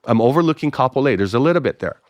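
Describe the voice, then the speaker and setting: Middle-aged pastor, animated storyteller, dry close mic. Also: male voice, racing, no echo. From Hawaii. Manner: animated storyteller, acts out both sides of dialogue with pitch jumps. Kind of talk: casual storytelling podcast interview.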